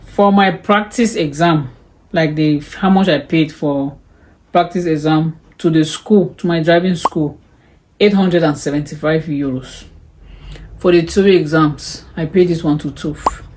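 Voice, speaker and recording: Deep and darkish, a woman's voice moves a little slowly as she chats to camera about what she spent, sighing and exclaiming at the prices. A little hiss or hum sits under the recording.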